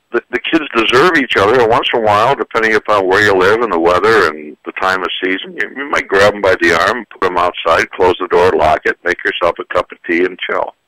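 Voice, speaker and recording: An older man speaks in a low but very lively voice, swinging up and down as he tells folksy, joking stories. His tone is bright and forceful, and the sound is dry and close. He talks as a guest psychologist on a radio show. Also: no room sound, rough recording. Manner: folksy, joking, animated storyteller. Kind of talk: radio interview, storytelling advice. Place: radio studio.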